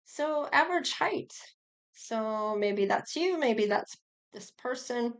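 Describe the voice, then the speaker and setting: A woman's voice: on the high side, animated, takes it slowly. A middle-aged woman giving a casual tarot reading, chatty and rambling, with sighs and small laughs. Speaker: tarot reader.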